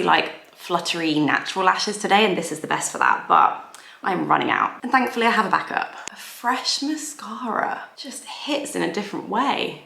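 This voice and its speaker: A woman's voice: medium pitch, vocal fry, fairly bright tone. A woman, chatting casually and giggling as she does her makeup for a get-ready-with-me vlog. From England. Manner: chatty, giggly, self-deprecating. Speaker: beauty vlogger. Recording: echoey room.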